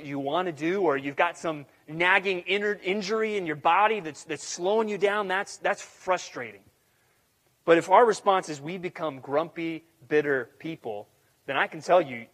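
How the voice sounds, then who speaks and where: A man's voice: on the high side, a bit bright. Earnest man preaching in an echoing hall. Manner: earnest, repeating questions, conversational. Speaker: pastor. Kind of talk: sermon. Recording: long hall reverb.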